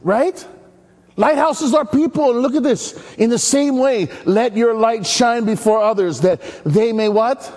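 A male pastor from Maui preaching an animated sermon, telling stories and calling out to the congregation. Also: very high voice, measured pace. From Maui, Hawaii. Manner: energetic, chatty, storytelling with call-and-response.

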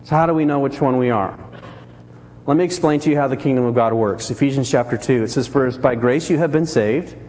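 A man preaching a sermon as pastor, telling the story with lively, acted-out voices for the people in it. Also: mid-range voice, a little fast, big-room sound. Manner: animated storytelling, acts out characters.

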